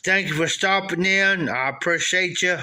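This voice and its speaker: A middle-aged American man streaming live, telling a rambling story to his chat, with lots of repeated phrases and lively quoting of himself. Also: sits high, moderate pace.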